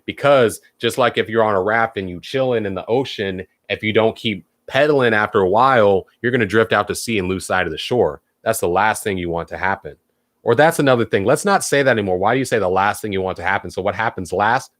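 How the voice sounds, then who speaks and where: A man with a fairly low voice talks to his viewers as a spiritual teacher in a loose, conversational way. He swears freely and hammers points home by repeating words. The sound is close and dry, with no room around it. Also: fairly quick, dry recording. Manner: animated, repeats words for emphasis. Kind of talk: casual spiritual talk to viewers.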